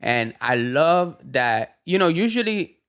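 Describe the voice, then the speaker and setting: A man's voice: fairly high pitch, big pitch swings, slow, a bit bright, clear, resonant tone. A man hosting a casual podcast chat, switching between English and Spanish with lots of slang.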